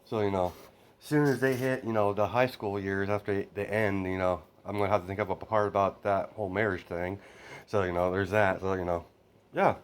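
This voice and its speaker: Lowish male voice, rambling storyteller full of fillers, casual and unpolished. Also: a little hiss or hum. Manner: rambling, constant "you know" fillers. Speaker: fan story narrator. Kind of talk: improvised spoken storytelling.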